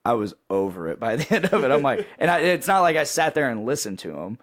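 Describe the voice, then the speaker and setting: A young man hosting a podcast in casual chat, pitching with excitable hype and laughing often. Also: fast talker, dry recording, clean studio sound. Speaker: podcast host.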